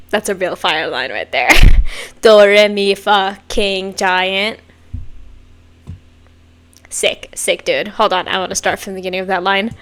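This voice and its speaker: A woman hosting a casual music reaction video, excitable and gushing, with frequent breathy exclamations. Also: medium pitch. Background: faint music playing.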